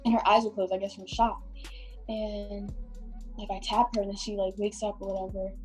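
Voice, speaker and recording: A woman's voice: mid-range voice, little pitch movement, normal speed, a little mellow, soft background music. A young woman, a podcast guest telling a story casually with many fillers.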